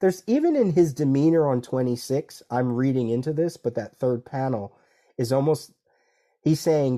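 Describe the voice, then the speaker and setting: A man's voice: mid-range voice, normal speed. A man co-hosting a comics podcast, talking casually and acting out lines of dialogue as he recaps issues. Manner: animated, quotes dialogue in character, many restarts. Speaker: podcast co-host.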